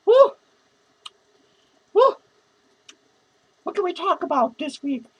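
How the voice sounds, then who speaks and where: Squeaky-voiced drunk clown, male, self-pitying and foul-mouthed, slurred comic rant. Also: very animated, slow pace, dull audio, heavily acted. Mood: drunk rambling. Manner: slurred, rambling, profane, giggling. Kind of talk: comedic character monologue.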